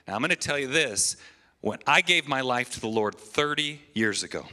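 A man's voice: mid-range voice, expressive, normal speed, pushed and bright. A man in his thirties giving an earnest, emotional testimony in a church sermon, often restarting his phrases. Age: 30s.

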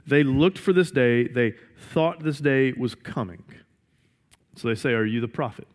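A man's voice: mid-range voice, unhurried. A man preaching a sermon, reading scripture aloud, explaining it and asking his listeners rhetorical questions. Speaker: pastor.

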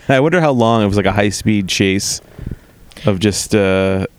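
A man's voice: on the low side, a little slow, a little hiss or hum. A man co-hosting a casual chat show, laughing often as he talks. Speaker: podcast co-host.

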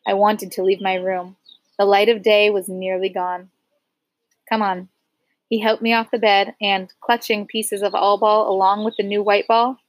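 A woman teacher reading a memoir aloud to her class, expressive and slowing for emphasis. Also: mid-range voice, no echo, low-quality recording.

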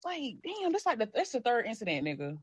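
A woman's voice: a little high, huge pitch swings, brisk, husky. Blunt woman co-host, reacting. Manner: blunt, reactive commentary with profanity. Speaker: podcast co-host. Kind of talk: casual gossip chat.

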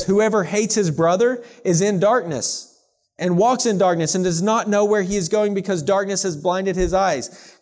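Male preacher, slightly high voice, fervent sermon that swings from loud to hushed. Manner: passionate, swings from loud scripture reading to hushed intensity.

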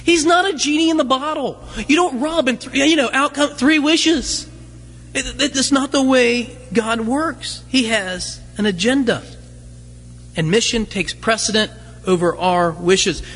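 A man's voice: very high voice, unhurried, a bit bright, husky. A man preaching a sermon as pastor, conversational, full of rhetorical questions and light humorous asides. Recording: long hall reverb.

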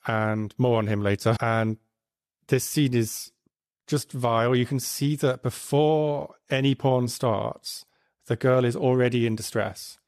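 A man's voice: mid-range voice, unhurried, darkish tone, dry recording. Indignant man giving dry commentary. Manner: earnest, indignant, frequent fillers. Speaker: commentary host. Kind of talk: commentary on video clips.

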